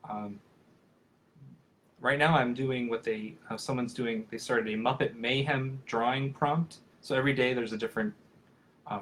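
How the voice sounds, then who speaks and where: Answering puppetry questions on a video call, a professional puppeteer in his thirties speaks at an ordinary middle pitch with a fairly bright tone. He rambles amiably, often restarting sentences and leaning on fillers, so it comes across as a casual live chat, not a prepared talk.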